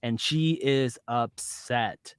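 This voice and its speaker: A man hosting a podcast in casual chat, playful and quick with jokes, retelling scenes by acting out the lines. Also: mid-range voice, clean tone, no room sound. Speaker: podcast host.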